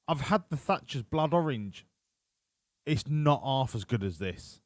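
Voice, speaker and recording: A man's voice: mid-range voice, lively intonation, unhurried, no echo, studio quality. A man live-streaming a racing game, chatting in a profane, rambling way. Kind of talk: casual live-stream commentary. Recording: with game music behind.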